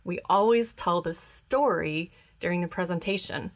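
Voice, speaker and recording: A woman hosts a podcast interview with a rather low voice. She chats casually and sounds enthusiastic and reflective. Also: moderate pace. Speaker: podcast host.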